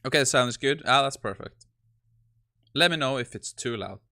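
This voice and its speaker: Bright-voiced man giving casual tech commentary. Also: mid-range voice, animated, moderate pace, vocal fry. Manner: casual, thinking aloud, laughs. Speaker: host.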